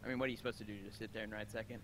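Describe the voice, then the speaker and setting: Fast-talking joking man on a race call. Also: on the low side, flat delivery, a bit bright. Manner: quick, joking, blunt remarks. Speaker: co-commentator guest. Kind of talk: casual live commentary with friends.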